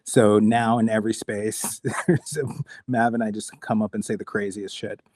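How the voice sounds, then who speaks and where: Low-voiced joking male host, dry. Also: flat delivery, normal speed, darkish tone, no room sound. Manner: chatty, joking, repeats words as he starts. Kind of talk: casual live-space hosting.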